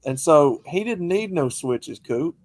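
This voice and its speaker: A man's voice: on the high side, animated, measured pace, darkish tone, no echo. A man telling folksy family stories in a casual chat.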